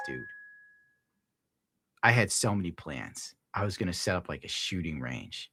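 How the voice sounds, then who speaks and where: A man's voice: deep voice, sing-song, a little slow, gravelly, long pauses, bright, forceful tone, breathy edge, faint music behind. A young man streaming live, reading out viewer tips and ranting casually with lots of swearing. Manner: profane, ranting, gets worked up. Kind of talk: casual livestream chat.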